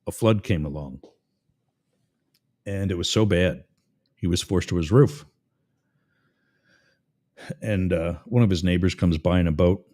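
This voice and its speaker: Give me a sarcastic, ranting male talk radio host with a fairly low voice. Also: unhurried, long pauses. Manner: ranting, sarcastic, animated storyteller. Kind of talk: talk radio monologue with a live-read ad.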